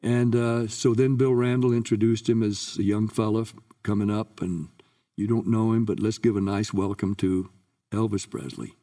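Older male guest raconteur, lowish mellow voice, a bit off-mic. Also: moderate pace, recorded from a distance. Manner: lively recounting, acts out quoted voices. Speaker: guest singer. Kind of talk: anecdotal interview storytelling.

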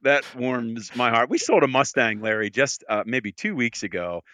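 An enthusiastic man in casual podcast conversation, talking cars with a bright, forceful tone. He often stumbles over and repeats his first words, then presses on. The recording is close and dry. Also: mid-range voice, normal speed, no room sound. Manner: enthusiastic, repeats words when starting sentences. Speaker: car auction specialist, podcast guest.

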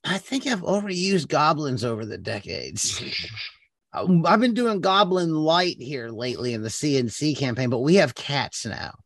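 A man co-hosting a casual tabletop gaming chat, talking in an animated, rambling way and correcting himself often. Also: a little high, moderate pace, no echo, clean studio sound. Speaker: podcast co-host and game master.

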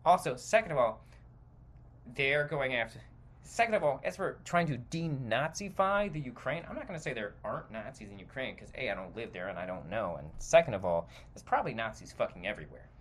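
A man's voice: medium pitch, very animated, brisk, fairly bright tone. A man hosting a podcast, delivering a heated, profane opinion monologue that rambles and interrupts itself. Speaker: podcast host.

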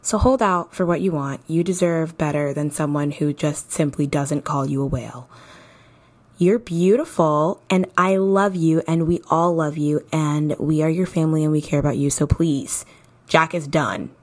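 A woman's voice: deep voice, normal speed. A young woman hosting a casual advice podcast, chatty and playful like a big sister, a little tired. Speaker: podcast host.

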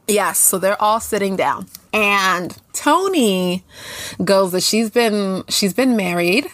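A woman co-hosting a casual chat show, recapping a TV episode in a blunt, profane, lively way. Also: medium pitch, takes it slowly, no echo. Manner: blunt, profane, animated storytelling. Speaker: podcast co-host.

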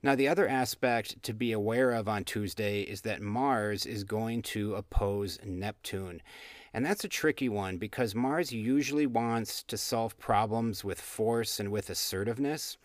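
Low-voiced man explaining astrology calmly. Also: no room sound, studio quality. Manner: measured, explanatory, friendly. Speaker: astrology podcast co-host. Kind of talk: casual podcast chat and forecast. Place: room with open door during rainstorm.

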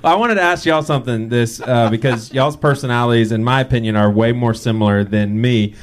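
A man's voice: medium pitch, fairly quick. Man telling stories on a podcast. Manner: storytelling, animated when quoting others. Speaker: podcast co-host. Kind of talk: casual podcast chat.

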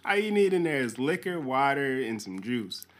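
A man's voice: medium pitch, big pitch swings, moderate pace, heavy background noise. A man co-hosting a podcast, chiming in with laid-back jokes and asides. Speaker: podcast co-host. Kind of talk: casual chat.

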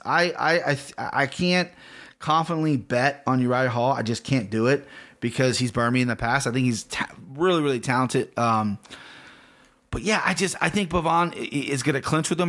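A man's voice: medium pitch, a bit bright. Rambling, profane man podcasting fight picks. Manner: rambling, profane, self-correcting, off the cuff. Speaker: podcast host picking fights. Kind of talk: casual solo podcast, fight predictions.

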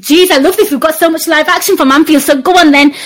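A woman's voice: high voice, fairly even intonation, fast talker. A woman hosting a live football call-in show, teasing her co-host, swearing freely and laughing often. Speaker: podcast host. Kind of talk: casual football call-in chat.

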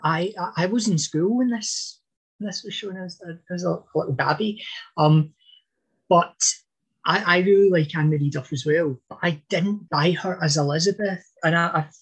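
Man, husky, a bit high, podcast history talker, thoughtful with restarts. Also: moderate pace, lo-fi sound. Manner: thoughtful, hesitant with fillers and restarts. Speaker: podcast guest expert on history. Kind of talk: casual podcast chat.

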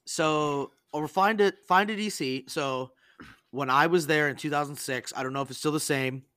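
Podcast host, male, a bit high-pitched, swears freely and acts out quotes, dry close-miked sound. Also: moderate pace, smooth, no room sound. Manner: animated, profane, acts out quoted voices. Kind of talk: casual storytelling chat.

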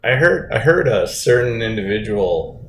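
A man's voice: sing-song, normal speed. A man co-hosting a casual chat, telling stories in an easygoing way with dry humor. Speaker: podcast co-host. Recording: roomy echo, faint rumble.

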